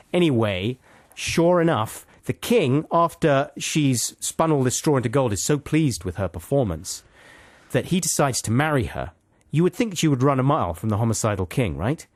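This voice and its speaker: A man's voice: medium pitch, big pitch swings, normal speed, no room sound. A man co-hosting a comedy talk show, retelling a fairy tale with lots of tangents, asides and caveats. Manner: rambling, tangent-prone, full of asides and caveats. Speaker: radio show co-host. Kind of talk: comic storytelling chat.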